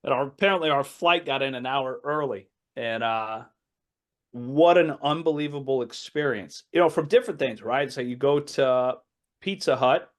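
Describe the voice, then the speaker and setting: Male, 30s, American, podcast guest, lively storyteller who voices other people. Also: mid-range voice, normal speed. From United States. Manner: animated anecdote-telling, acting out quoted voices, laughs often. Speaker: assistant basketball coach, podcast guest. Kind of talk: casual storytelling in a podcast interview.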